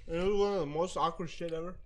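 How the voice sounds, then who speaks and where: High pitched dude cussing thru a work story, loose podcast banter. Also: male voice, fairly even intonation, racing, a little hiss or hum. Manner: profane, storytelling with laughing impressions. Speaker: podcast co-host. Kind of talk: crude casual banter.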